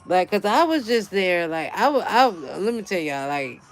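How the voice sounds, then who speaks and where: A woman with a fairly low pitch and a moderate pace talks loosely to her audience during an unscripted gardening-channel livestream. Her casual chat is animated, blunt, and profane, broken up by repeated laughter.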